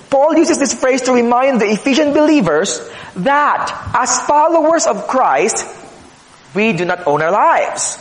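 A man's voice: very high voice, expressive, a little slow. A man preaching a sermon as pastor, teaching earnestly with rhetorical questions and repeated phrases. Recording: echoey hall, long reverb.

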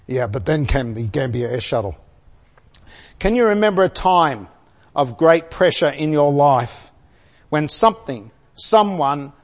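An older man preaching a sermon, telling a personal story with light chuckles and asking his listeners questions. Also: fairly high pitch. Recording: long hall reverb.

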